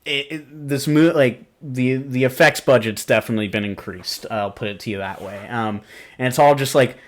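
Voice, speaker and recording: A man's voice: medium pitch, normal speed. Guy rambling on his podcast about movies, filler everywhere, cusses a lot, laughs at himself. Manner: rambling, filler-heavy, swears freely, laughs often. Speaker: podcast host. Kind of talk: casual movie review rant.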